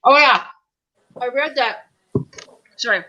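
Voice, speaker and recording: A woman's voice: on the high side, takes it slowly, pushed and bright, muffled recording. A woman from Canada making a dish on a casual video call, casual, apologetic and giggly. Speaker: guest cook. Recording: laptop mic with faint background noise.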